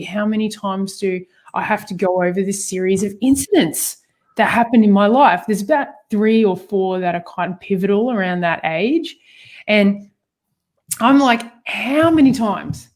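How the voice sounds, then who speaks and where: A woman co-hosting a personal talk about healing, telling stories with lots of fillers and frequent laughter. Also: medium pitch. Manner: animated storytelling, laughs often, frequent fillers. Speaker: co-host.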